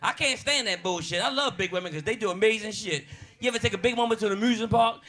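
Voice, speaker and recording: A man with a Baltimore accent doing a loud, brash, profane stand-up comedy set in a diner. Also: high-pitched, fast talker. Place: diner comedy show with live audience. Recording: noisy crowd in a diner. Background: audience laughter.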